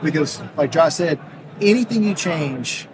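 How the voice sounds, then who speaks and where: A man's voice: a little high, expressive, measured pace. A middle-aged man, an orthodontist guest, answering earnestly and explaining with homespun analogies on a busy exhibit hall floor. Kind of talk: conversational interview answers. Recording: noisy convention floor.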